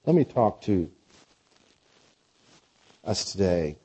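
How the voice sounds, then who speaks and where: A man preaching a sermon with a conversational style, dropping to quiet lines and rising to loud, drawn-out phrases. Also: sits low, sing-song, breathy edge. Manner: preacher with a dynamic delivery, swinging between soft and loud. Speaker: pastor.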